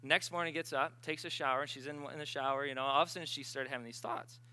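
A man preaching a sermon in a conversational, emphatic way, swinging between loud and hushed and acting out the voices he quotes. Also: mid-range voice, fairly even intonation, racing. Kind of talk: sermon with storytelling.

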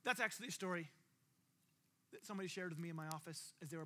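A man's voice: on the high side, quick pace, long pauses, bright, forceful tone. A man preaching a sermon as pastor, conversational, acting out what his listeners might say.

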